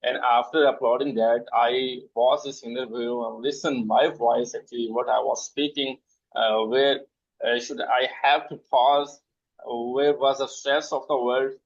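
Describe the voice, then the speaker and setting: A man hosting an interview, asking questions hesitantly with many pauses and fillers. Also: mid-range voice, fairly even intonation. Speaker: interview host. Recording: dull lo-fi audio.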